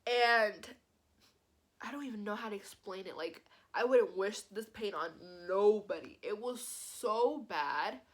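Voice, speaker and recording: A young woman vlogger telling a personal story in a casual, animated way, filling her speech with "like". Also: medium pitch, a little slow. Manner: animated, says "like" constantly. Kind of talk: storytime vlog.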